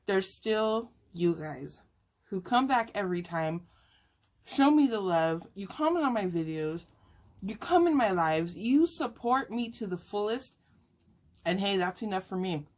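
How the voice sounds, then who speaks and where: A woman's voice: medium pitch, expressive, unhurried, darkish tone. A woman talking casually and heartfelt to her viewers while eating, emotional and sighing at times. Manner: talks with food in her mouth. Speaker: mukbang vlogger.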